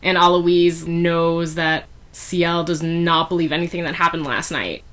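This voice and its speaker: A woman's voice: lowish voice, fairly even intonation, unhurried, fairly bright tone. Chatty woman reviewer, casual recap, filler-heavy, giggly asides. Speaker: fan fiction reviewer.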